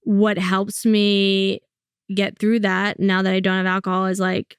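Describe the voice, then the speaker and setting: A young woman talks candidly as a comedian guest, her voice smooth and clear at a middle pitch. The sound is close and dry, with no room around it. She tells stories bluntly and drops in quick quoted asides. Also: completely flat delivery, dry recording. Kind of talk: casual interview chat.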